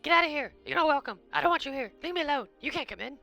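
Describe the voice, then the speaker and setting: A man voicing a shrill, hostile unseen figure that shrieks frantically from behind a locked door during a tabletop game. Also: expressive, very fast, vocal fry, pushed and bright, soft background music, heavily acted. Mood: shrieking.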